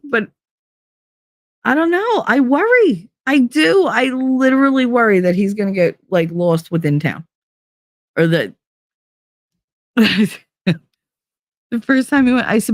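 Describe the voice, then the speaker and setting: A woman's voice: medium pitch, animated, normal speed, no echo, studio quality. A middle-aged woman talking candidly in a rambling podcast monologue, acting out quotes and laughing often. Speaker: podcast host. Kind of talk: casual monologue.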